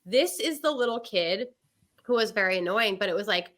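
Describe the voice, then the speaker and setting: Bright, bouncy woman guest. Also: medium pitch, normal speed. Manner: animated, laughs while telling stories. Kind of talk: casual chat.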